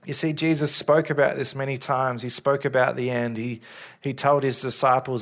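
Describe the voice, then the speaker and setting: A man preaching in a church, speaking as a pastor in an earnest, caring way with halting restarts, into a stage microphone. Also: mid-range voice, little pitch movement, fairly bright tone. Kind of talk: sermon. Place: church service. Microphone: handheld or stage microphone.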